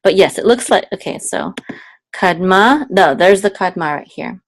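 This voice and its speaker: A woman's voice: animated, vocal fry, no echo. A woman teaching a student one-on-one in a casual, patient way, explaining step by step, checking in often and singing out syllables as examples. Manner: sings syllables higher and slower as examples. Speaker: Hebrew cantillation teacher.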